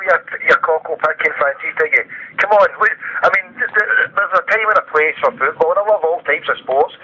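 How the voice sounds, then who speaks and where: A man's voice: a little high, sharp tone, husky. A man with a Glaswegian accent calling in to a radio phone-in, cheeky and rambling as he rants. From Scotland. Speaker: caller. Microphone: telephone. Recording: dull phone line.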